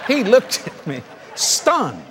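A male preacher telling a story in a televised sermon, animated and laughing, with bursts of shouting. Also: sits high, slow pace, a faint crowd, a little hiss or hum.

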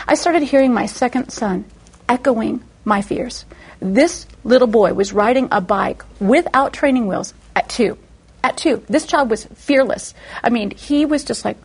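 A woman from Indiana, a guest on a talk show, giving her testimony with lively, humorous storytelling. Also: fairly high pitch, moderate pace, breathy edge. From Indiana, USA.

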